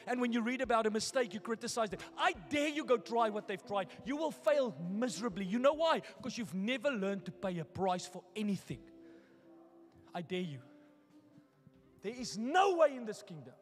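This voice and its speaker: A male pastor preaching a sermon, moving from hushed, personal storytelling to loud, daring challenges to the congregation. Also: extremely high pitch, in a large hall. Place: church hall.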